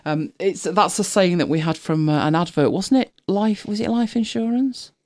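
Co-host rambling away on a chat show, loads of ums and restarts, mid-pitched voice. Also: moderate pace, a little mellow. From United Kingdom. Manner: rambling, chatty, many fillers and restarts, laughs often. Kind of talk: casual panel chat.

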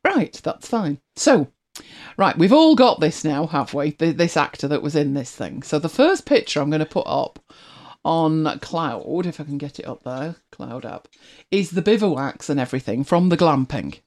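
A host chatting casually and retelling a TV scene, animated and laughing often. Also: mid-range voice, normal speed. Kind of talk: casual storytelling chat.

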